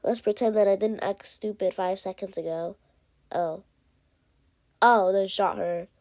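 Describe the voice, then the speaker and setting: Brief: woman gamer, slow unhurried chatter, heavy breathing, excitable and rambling, recorded on a tablet. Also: mid-range voice. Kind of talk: casual gameplay commentary. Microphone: iPad.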